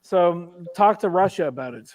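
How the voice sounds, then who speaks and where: A man's voice: sits high, lively intonation, moderate pace, darkish tone, poor audio. A man in a casual group chat, talking eagerly and rambling.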